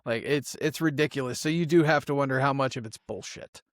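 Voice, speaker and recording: A man hosts a podcast interview in an easygoing way, laughing lightly between his questions. His voice sits at a middle pitch, and the recording is close and dry. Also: no room sound. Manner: easygoing, quick laughs, runs a question round. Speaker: podcast host. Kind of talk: interview hosting.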